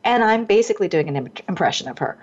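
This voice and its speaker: A middle-aged woman, a singer and voice teacher, telling lively anecdotes as a radio guest, her voice leaping up when she acts out what others said. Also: racing, slightly rough. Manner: lively anecdotes, voice leaps high when acting out quotes. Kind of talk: animated storytelling in a radio interview. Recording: dull lo-fi radio broadcast.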